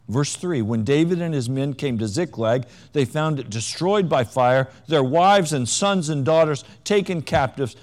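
A man preaching a sermon, with a wry, self-mocking humor and dramatic swings between hushed and loud delivery. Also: on the high side. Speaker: pastor.

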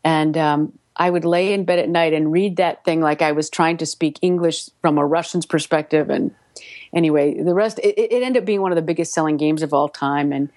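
A woman's voice: fairly quick, dry recording, studio quality. A middle-aged woman, a voice actress, telling stories from her career in a casual interview, acting out the voices of the people she quotes. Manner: animated anecdote-telling, acting out quoted voices with big pitch jumps. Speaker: voice actress and audiobook narrator guest.

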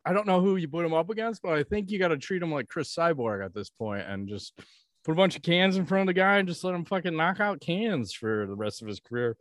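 A man's voice: on the high side, animated, quick pace, no echo, clean studio sound. A man co-hosting a podcast, chatting casually in a blunt, profane, joking way. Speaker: podcast co-host. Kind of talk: casual chat.

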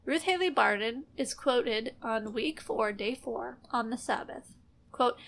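A woman's voice: a little high, a little slow, vocal fry, a bit bright. A woman hosting a scripted commentary, critical and openly sarcastic as she reads and takes apart quoted teachings. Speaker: podcast host, Christian teaching critic.

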